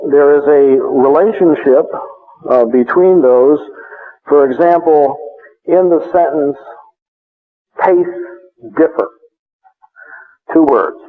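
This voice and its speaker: A man giving a measured classroom lecture, explaining step by step with frequent hesitations. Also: a little high. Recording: tinny phone-like recording.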